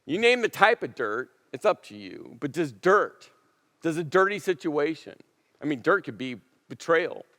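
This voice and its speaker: A male pastor delivering a sermon in a storytelling way, with emphatic repetition and dramatic pauses. His voice sits a little high for a man. It rings out through a church auditorium with a long reverb tail. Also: animated, sharp tone.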